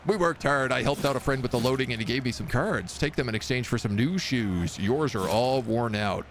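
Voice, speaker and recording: A man's voice: mid-range voice, fairly quick, slight background noise, natural voice. A man voicing an earnest, cheerful hardworking husband in a video game read-aloud.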